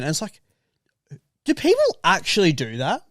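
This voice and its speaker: A man's voice: high voice, huge pitch swings, moderate pace, a bit bright, no room sound, clean studio sound. A young man, co-hosting a podcast in casual chat, teasing and joking. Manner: teasing, jokey. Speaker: podcast co-host.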